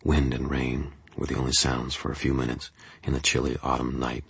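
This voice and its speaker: A man narrating an audiobook in the first person, telling it in a tense, steady way on a close studio mic. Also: a bass voice, brisk, vocal fry, husky, no room sound.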